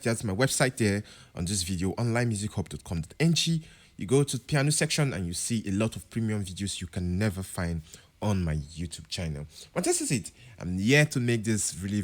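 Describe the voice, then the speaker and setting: A man teaching a piano lesson, explaining chords and now and then singing example words to show rising and falling pitch. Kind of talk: music tutorial.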